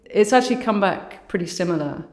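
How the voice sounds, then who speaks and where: A woman artist with a low voice, speaking thoughtfully as an interview guest and often saying "you know" and "sort of". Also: animated, brisk. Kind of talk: reflective conversational interview. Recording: roomy echo.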